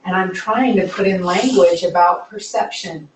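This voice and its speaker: A woman's voice: fairly low pitch, moderate pace, a little hiss or hum. A woman in a class discussion, asking thoughtful and somewhat hesitant questions about a student. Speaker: student, school staff member. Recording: echoey room, voice from far off.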